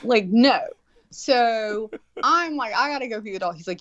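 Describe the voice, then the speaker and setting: A woman's voice: mid-range voice, normal speed, no room sound. A profane woman telling a story in a muffled, dry recording. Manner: profane, animated, acts out quotes. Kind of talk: casual storytelling. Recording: dull, dry lo-fi sound.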